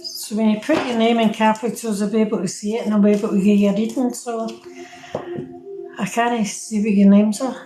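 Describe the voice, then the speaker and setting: A woman's voice: mid-range voice, flat delivery, brisk. Chatty Scottish woman in an echoey room. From Scotland. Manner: chatty, talks to viewers, fumbles with the app. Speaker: tarot reader. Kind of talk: live-stream tarot reading. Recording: echoey room with faint ambient noise.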